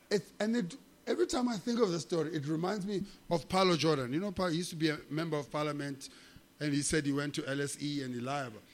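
Man, comic guest storyteller, high-pitched, animated and swearing freely. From South Africa. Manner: animated, profane, laughing often. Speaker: comedian guest. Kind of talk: comic storytelling in casual chat.

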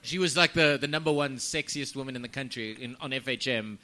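Male host, crude teasing banter, mid-pitched with a bright edge. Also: a little fast. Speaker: podcast host. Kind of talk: casual podcast chat.

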